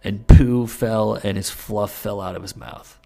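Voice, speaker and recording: Young guy w/ a low gravelly voice, reads fanfic out loud on a podcast mic, trips over words and cracks up a lot. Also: fairly even intonation, unhurried. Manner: reads aloud with frequent laughter and stumbles. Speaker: podcast co-host reading fan fiction aloud. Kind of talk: comedic podcast reading. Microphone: studio mic with pop filter.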